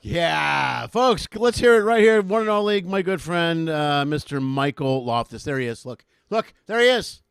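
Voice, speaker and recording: A man's voice: on the high side, animated, moderate pace, gravelly, hardly any pauses, a bit bright, smooth, no room sound, studio quality. A middle-aged man hosting an online comedy show over a video call, bantering and mocking himself. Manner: jokey, self-mocking banter.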